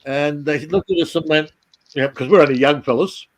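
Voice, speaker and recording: Guy with a bit of a higher voice, stop-start storytelling. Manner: halting storyteller, many restarts. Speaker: chat participant. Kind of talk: casual chat.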